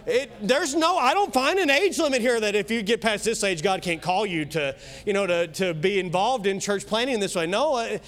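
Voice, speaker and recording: Male pastor with a Kentucky accent, high voice, emphatic sermon delivery. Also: animated. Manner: emphatic preaching, swinging loud and soft, quick asides.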